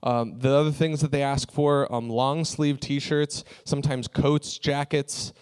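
A man's voice: medium pitch, steady tone, a little slow, darkish tone, smooth. Man telling a story in a sermon. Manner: conversational storytelling with fillers. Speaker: pastor.

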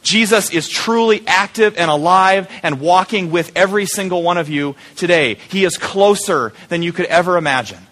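A man delivers an Easter sermon with a bright, forceful voice that sits a little high. He preaches in a conversational, animated way and keeps asking rhetorical questions. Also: moderate pace, hardly any pauses. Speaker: pastor.

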